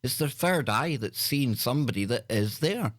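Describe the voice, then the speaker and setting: A man's voice: mid-range voice, lively intonation, normal speed, fairly bright tone, no echo, studio quality. A Scottish man hosting a call-in radio show, chatting with callers in a chummy way, calling them brother and dude. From Scotland. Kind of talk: casual call-in radio chat.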